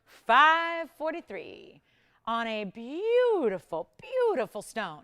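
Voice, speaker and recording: Animated woman hosting live jewelry sales. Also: a little high, clear, resonant tone. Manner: animated, chatty, sells with rapid price talk. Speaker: shopping channel jewelry host. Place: television studio.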